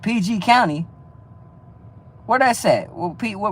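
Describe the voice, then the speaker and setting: A man's voice: sits high, animated, unhurried, a little hiss or hum. A man hosting a livestream, rambling to his viewers about faith and keeping it real, full of street slang, profanity and stumbling restarts. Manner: stumbling restarts, frequent "you feel me". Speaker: livestream host. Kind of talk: casual livestream chat with viewers.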